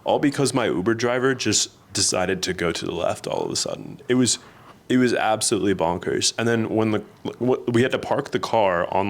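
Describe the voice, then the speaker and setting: Low-voiced and lively, this podcast co-host spins stories in an easygoing conversation. He's an animated storyteller who laughs a lot.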